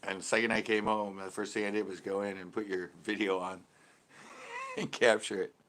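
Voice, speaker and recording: A man hosts a relaxed live stream from his home, answering viewers as they drop in. His voice is bright and forceful, and he laughs freely between his chatty remarks. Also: on the low side, moderate pace. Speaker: host of a live after-show stream.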